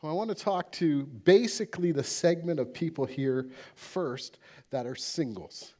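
A man preaching a sermon as pastor, speaking plainly and relaxed, halting with many fillers. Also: on the high side.

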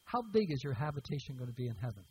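A man's voice: medium pitch, big pitch swings, racing, a little mellow, breathy edge, low-quality recording. A man preaching a sermon as pastor, emphatic and repeating key words for stress.

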